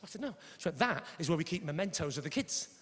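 A middle-aged man doing stand-up comedy, swearing and telling stories in animated mimicked voices. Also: fairly high pitch, quick pace. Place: large hall with a live audience. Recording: live hall echo, faint noise.

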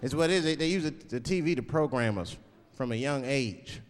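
A man's voice: medium pitch, a little fast. A man doing a stand-up routine, telling a story with energy and acting out voices. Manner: animated storytelling, acts out voices. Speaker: stand-up comedian. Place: large venue with live audience. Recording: live hall reverb, crowd noise.

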